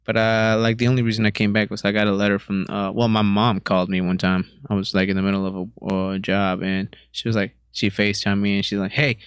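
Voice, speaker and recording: A man's voice: lowish voice, flat delivery, quick pace, hardly any pauses, smooth, no room sound. A young man, a podcast guest, telling rambling, slangy stories in a laid-back way. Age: young adult. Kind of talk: casual storytelling.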